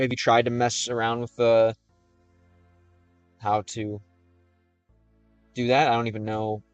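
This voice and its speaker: An American man hosting a relaxed livestream, chatting with viewers and reading their questions out. His voice sits at an ordinary middle pitch on a close, dry mic. Soft music plays faintly in the background. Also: dry recording, lo-fi sound. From United States. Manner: chatty and easygoing, reads viewer questions aloud. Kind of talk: casual livestream chat with viewers.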